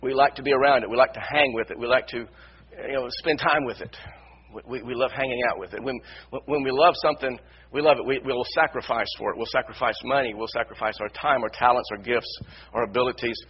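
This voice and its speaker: A man preaching a sermon as pastor, repeating his phrases and building to loud emphasis. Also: mid-range voice, fairly even intonation, a little fast, highs cut off, a little hiss or hum. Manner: repetitive, builds to shouted emphasis. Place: church sanctuary.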